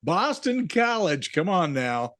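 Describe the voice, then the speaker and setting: A man's voice: high voice, sing-song, slow pace, a bit bright, no room sound, clean studio sound. A man hosting a casual sports podcast, offering wry, offhand banter. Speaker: podcast host.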